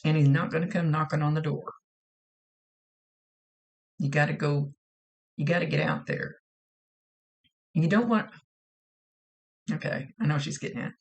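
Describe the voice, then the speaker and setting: A woman psychic medium talking through a spirit reading in a chatty, self-deprecating way. Her voice carries a steady gravelly fry, and she circles back and repeats her points. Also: low voice, normal speed, pauses often.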